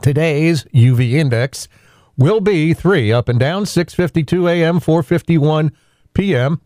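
A male local radio host with a voice a little higher than most men's. He runs through the weather, sponsor messages and phone numbers in a brisk, matter-of-fact way. The studio sound is dry and close. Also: a little mellow, no echo. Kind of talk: local morning radio hosting.

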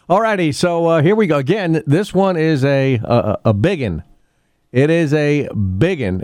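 A man's voice: mid-range voice, a little mellow, no echo, clean studio sound. A man hosting a casual local radio show, chatting in a rambling way with many fillers and restarts. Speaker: radio host. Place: radio studio.

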